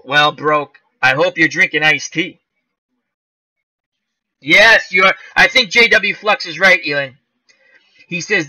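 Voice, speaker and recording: A man hosts a loose live-stream chat and reads comments aloud. His voice is high and very bright, with a sharp edge. He rambles from one tangent to the next, chuckling as he goes. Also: expressive, measured pace, pauses often, no echo, poor audio. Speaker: channel host reading live chat.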